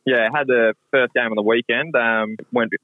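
An Australian man calling in to a podcast, relaxed and hesitant. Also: medium pitch, normal speed, no echo. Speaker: caller. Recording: tinny phone line.

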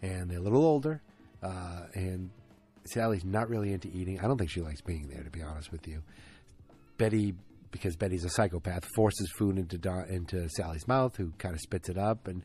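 A man's voice: low voice, brisk, darkish tone, faint music behind. A man casually recapping a TV episode, ranting, swearing and drifting off on tangents.

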